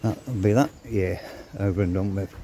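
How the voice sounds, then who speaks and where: A man's voice: lowish voice, normal speed, background noise. An older man talking casually to camera, blunt and swearing, a little out of breath. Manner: blunt, swears freely, grumbling. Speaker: vlogger. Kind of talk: casual ranting monologue.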